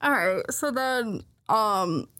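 A woman's voice: fairly high pitch, expressive, slow pace, a bit bright. A young woman co-hosting a podcast, rambling through an episode recap with lots of "like" and "um", breaking into giggles and swearing. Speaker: podcast co-host. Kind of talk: casual chat, retelling an episode.

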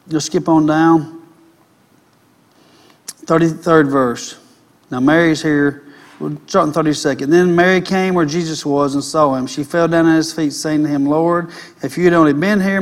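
A slightly high-voiced man delivers a sermon, reading the scripture at a slow pace and stopping now and then to comment. Gradually he rises to loud, fervent preaching.

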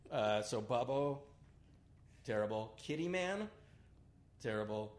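A man's voice: medium pitch, animated, slow pace, a little mellow, reverberant. Laughing man in his thirties. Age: 30s. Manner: laughing, self-mocking. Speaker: podcast co-host. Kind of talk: casual chat.

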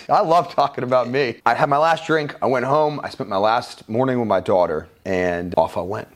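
A man guest in an interview, telling his own life story in a frank, conversational way with casual swearing. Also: mid-range voice. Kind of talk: candid personal storytelling.

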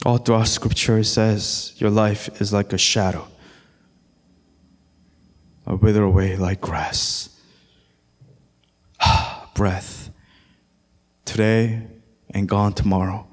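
A man preaching a sermon as pastor, slow and emphatic, climbing to loud, high exhortation and sometimes singing lines of scripture.

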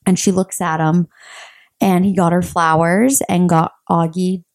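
Animated storytelling young woman. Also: fairly low pitch, unhurried, dry recording, clean studio sound. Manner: animated storytelling, acts out quotes. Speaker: podcast co-host. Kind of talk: casual chat.

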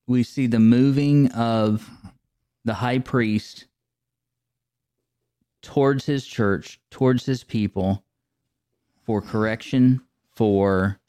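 A man co-hosting a Bible podcast, calmly paraphrasing scripture in the first person in a relaxed conversational way. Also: mid-range voice, dry recording. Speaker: podcast co-host.

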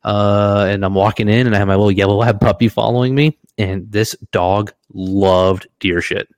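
A man in his thirties co-hosting a podcast, telling a story in an animated way, swearing freely and laughing as he goes. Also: fairly low pitch, moderate pace, no echo. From Washington state, US. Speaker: podcast co-host. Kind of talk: casual storytelling chat.

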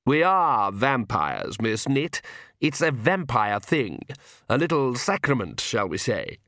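A man's voice: mid-range voice, very animated, slow, fairly bright tone, no echo, full character voice. Casting: a man doing a drawling, mocking vampire count, dry close audiobook sound. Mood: smooth menace. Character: suave aristocratic male vampire count, menacing.

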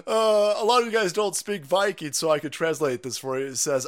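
A man hosting a livestream, giving loud, crude, cackling commentary on video clips. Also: a little high, fairly even intonation, a little fast, hardly any pauses. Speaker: livestream host.

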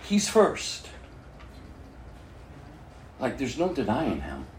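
A male pastor preaching a sermon in an animated way, laughing and acting out quotes in shifting voices. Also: mid-range voice, extremely slow, echoey room, slight background noise.

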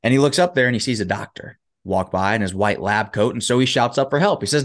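Low-voiced guy, motivational speaker, telling a story and acting out all the voices. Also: quick pace, few pauses. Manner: animated, acts out characters.

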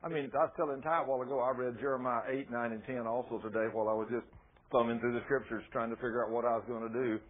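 A man preaching a sermon, telling Bible stories in a folksy, animated way. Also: mid-range voice, rapid-fire, slight background noise. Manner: folksy, animated storytelling with laughs. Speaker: pastor. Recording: tinny phone-like sound.

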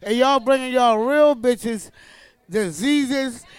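A man co-hosting a live podcast debate, firing off quick, profane retorts. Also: very high-pitched, smooth, dry recording.

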